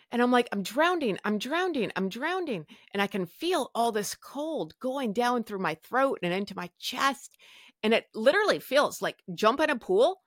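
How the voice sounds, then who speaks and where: A young woman telling a personal story in a casual, animated way, acting out her own past words and swearing now and then. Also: a little high, no room sound, clean studio sound. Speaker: podcast guest sharing her story.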